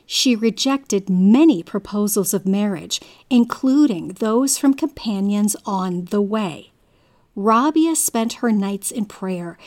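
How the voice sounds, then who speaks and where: A woman giving a scripted narration, reading in a measured, deliberate way. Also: mid-range voice, a little mellow.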